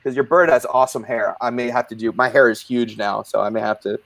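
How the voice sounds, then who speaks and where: Playful male host, mid-pitched, dry close sound, rambles and jokes while moderating. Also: fairly even intonation, fast, vocal fry, fairly bright tone, dry recording. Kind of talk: casual live-stream support group hosting.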